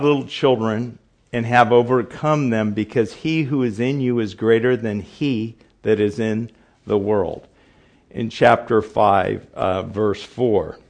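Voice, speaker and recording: An older man giving an informal Bible teaching, repeating his points for emphasis and often restarting his sentences. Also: medium pitch.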